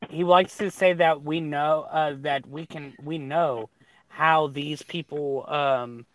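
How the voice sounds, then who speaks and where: A man chatting casually on a livestream, telling a rambling, animated story full of restarts. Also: on the high side, slow pace, over a noisy crowd. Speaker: guest on a livestream hangout. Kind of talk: casual chat.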